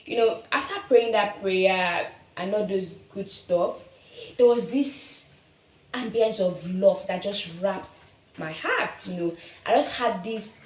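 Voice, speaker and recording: A young woman in her twenties with a Nigerian accent, sharing a personal testimony on her vlog in an earnest, emotional way, often repeating herself. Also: mid-range voice. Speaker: vlogger. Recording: roomy echo.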